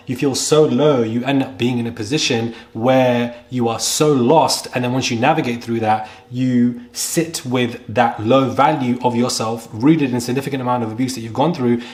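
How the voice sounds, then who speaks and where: A young man, speaking earnestly to camera while close to tears, halting and repeating himself. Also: mid-range voice. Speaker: vlogger. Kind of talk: emotional to-camera commentary.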